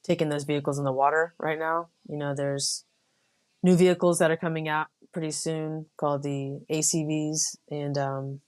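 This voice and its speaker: A young adult woman from the United States, a Marine officer guest, telling stories in a relaxed, casual way with many fillers. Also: sits low, moderate pace. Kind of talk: casual interview.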